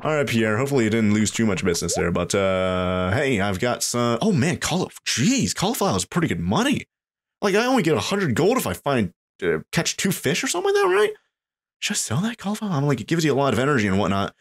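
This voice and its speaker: Excitable man thinking aloud over gameplay. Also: medium pitch, quick pace. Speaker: gameplay commentator. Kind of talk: casual let's play commentary.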